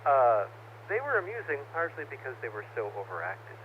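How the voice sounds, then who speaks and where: A man's voice: mid-range voice, wildly swooping pitch, a little fast, very noisy. A man giving wry, dry-humored commentary on a ham radio net. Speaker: net participant. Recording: dull ham radio transmission.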